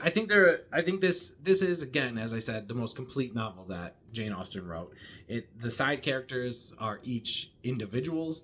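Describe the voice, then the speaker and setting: A man with a bright, forward voice talks through a novel in a casual review. He thinks aloud as he goes, circling back and restarting his sentences. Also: medium pitch, slight background noise. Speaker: book reviewer. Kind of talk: casual book discussion.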